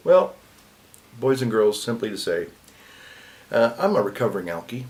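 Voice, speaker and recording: A man, a Catholic priest, telling a personal story in a casual vlog, swinging between loud emphasis and hushed asides. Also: mid-range voice, big pitch swings, normal speed.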